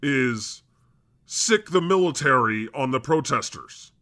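A man's voice: mid-range voice, animated, takes it slowly, sharp tone. A man playing a cranky, swearing God. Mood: irritable, sarcastic. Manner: grumbly and sarcastic, swears often. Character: God as a cranky, foul-mouthed male podcast host. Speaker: host. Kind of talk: improvised comedy podcast chat.

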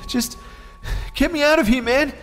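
A man acting out his trapped younger self, frantically pleading and shouting in a strained voice. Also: very high-pitched, moderate pace, in a large hall, pitched above the performer's own voice. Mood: frantic pleading. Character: panicked young man trapped and begging for rescue.

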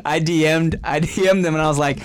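A man telling stories in casual chat, animated and profane, laughing often. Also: on the high side, a little fast, slight background noise.

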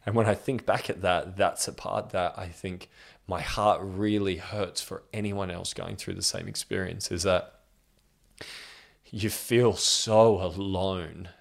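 A young man, telling a personal story in a candid, heartfelt way with soft laughs. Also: deep voice, fairly even intonation, unhurried, gravelly.

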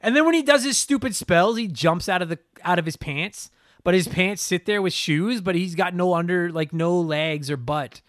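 Young guy on a podcast, high voice, swearing and ranting, dry close sound. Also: moderate pace, dry recording. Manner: animated, profane, ranting. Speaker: podcast co-host. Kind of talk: casual chat.

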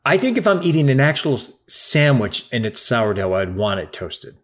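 A man's voice: medium pitch, very animated, moderate pace. A man talking in a casual, emphatic chat, swearing now and then.

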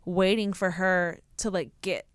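A woman's voice: on the low side, steady tone, measured pace, smooth, dry recording. Young woman co-host, casual reactive chat, dry close-miked voice. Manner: reactive, exclaims often. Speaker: podcast co-host.

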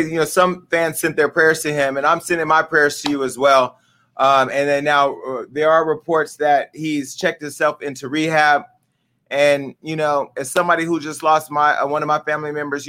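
A man's voice: on the high side, sharp tone. A middle-aged man hosting a casual commentary show, talking candidly and emotionally straight to his viewers. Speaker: host.

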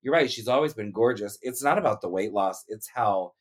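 A man from the American South with a Southern American accent, hosting a podcast in casual, animated chat and laughing often. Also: fairly low pitch, fairly quick. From Florida, USA. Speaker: podcast host.

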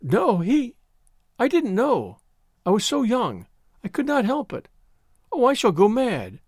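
A man's voice: huge pitch swings, a little slow, a little mellow, breathy edge, dry recording, studio quality, full character voice. A man voicing a sobbing, ashamed young woman. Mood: despairing. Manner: sobbing, high and breathless pleading.

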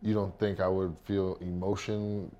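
A man's voice: sits low, level tone, measured pace, mellow, lo-fi sound. A man speaking as a guest in a casual chat, candid and emphatic. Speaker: guest, former player.

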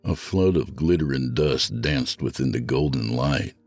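A man reading a horror story aloud as a podcast host, in a slow, ominous storytelling manner. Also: extremely low pitch, a little mellow, soft background music. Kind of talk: scripted horror narration.

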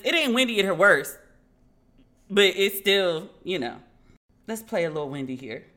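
Animated, bright-voiced woman podcast host. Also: medium pitch, normal speed. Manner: animated storyteller who acts out dialogue; frank, swears casually. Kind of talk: casual podcast chat.

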